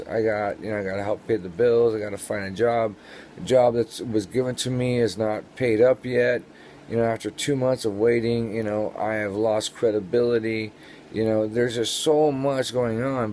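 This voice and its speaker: A man with a low, dark voice talks from his bedroom into a camera close by. He sounds sleepy and halting, trips over his words and circles back on himself. Faint room noise sits behind him. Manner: rambling, halting, with many restarts. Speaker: vlogger. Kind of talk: personal apology video.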